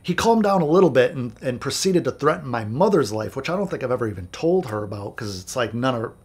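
Husky guy ranting about a bad manager, swears a lot, keeps restarting his sentences, mid-pitched voice. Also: expressive, fast. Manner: candid, profane, rambling with restarts. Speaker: music producer and video host. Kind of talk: casual storytelling to camera.

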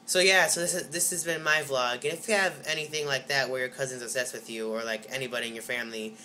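A man's voice: mid-range voice, steady tone, quick pace, sharp tone. A teenage boy telling a story in a casual vlog, rambling with lots of fillers and sounding exasperated. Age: teens. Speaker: vlogger.

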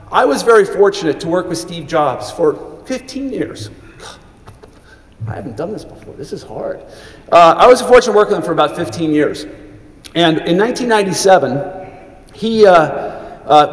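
A middle-aged man giving a commencement speech, telling earnest stories with frequent restarts. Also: sits high. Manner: earnest, anecdotal storytelling with many restarts. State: briefly choked up with emotion. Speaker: commencement speaker. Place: large hall. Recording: echoey hall, reverberant.

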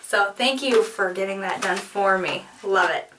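A woman's voice: mid-range voice, measured pace, recorded from a distance, a little hiss or hum, rough recording. Bubbly, giggly woman vlogger. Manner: giggly, excitable, apologetic. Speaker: beauty vlogger. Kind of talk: casual chat unboxing.

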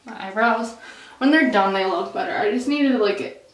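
A woman's voice: mid-range voice, expressive, measured pace, distant mic, a little hiss or hum. Young woman vlogger, rambling casual chat, roomy echo, voice off-mic. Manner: chatty, lots of "like" and "um", breaks off mid-sentence. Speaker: beauty vlogger.

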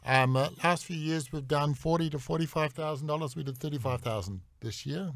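A man's voice: on the high side, a little fast, fairly bright tone, no echo, studio quality. A man on a political panel, wry and hesitant, restarting his sentences.

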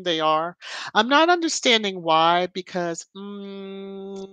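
Slow-talking woman hosting a live chat. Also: medium pitch, no echo. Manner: chatty, greets viewers by name with lively rises. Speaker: livestream host. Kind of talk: casual live chat reading viewer comments.

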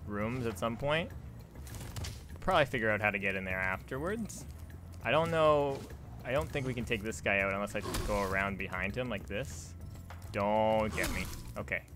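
A man's voice: fairly low pitch, background noise. Chatty man commenting on a game. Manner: chatty, rambling, laughs often. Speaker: let's play host. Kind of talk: casual gameplay commentary.

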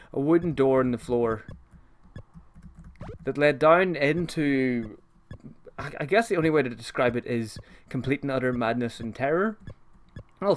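A young man hosting a let's-play, chatting and reacting aloud to a retro game with self-deprecating humor. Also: medium pitch. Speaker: host of a gaming channel. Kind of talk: casual let's-play commentary.

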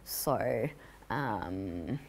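A woman's voice: rumbling low, lively intonation, very slow, gravelly, a little hiss or hum. A woman giving an upbeat, jokey live talk to a young audience as a motivational speaker.

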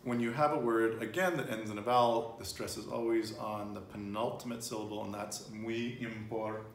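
A man's voice: lowish voice, fairly even intonation, moderate pace, a little hiss or hum. A man in his thirties teaching a casual Spanish lesson at home, chatty and loose, laughing easily and often restarting or wandering off-topic. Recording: roomy home recording, faint ambience.

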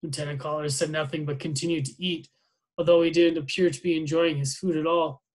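A man teacher reading a novel aloud to his class, steady with small slips and restarts. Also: fairly high pitch, a little fast, poor audio.

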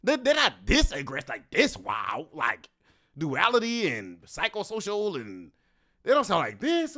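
A man's voice: sits high, huge pitch swings, measured pace, bright, forceful tone. A man hosting a music reaction, talking in an exclamatory, incredulous way with slang and frequent swearing. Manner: slangy, calls listeners bro. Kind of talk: live music reaction commentary.

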